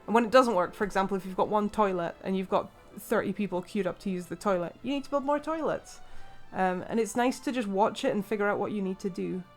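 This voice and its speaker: A woman's voice: medium pitch, quick pace, few pauses, faint music behind. Chatty English woman playing a game. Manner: chatty, rambling, many fillers and laughs. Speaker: let's play host. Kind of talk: casual gameplay commentary.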